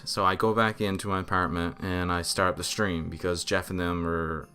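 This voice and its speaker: A young man co-hosting a podcast, telling a story in animated, swear-heavy casual chat. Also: low voice, moderate pace, smooth, faint music behind. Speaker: podcast co-host.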